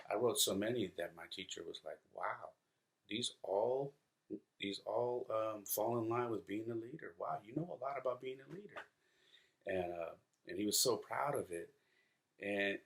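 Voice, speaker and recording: Deep-voiced man telling family stories. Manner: rambling storytelling with many fillers and restarts; acts out quoted voices of his sons. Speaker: podcast host. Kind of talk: casual solo podcast talk.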